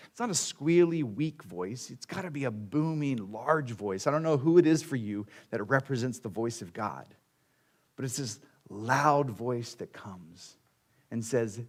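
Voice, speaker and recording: Man preaching in a conversational, animated way. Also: medium pitch. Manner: conversational preaching, acts out quotes with dramatic pauses. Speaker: pastor. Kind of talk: sermon.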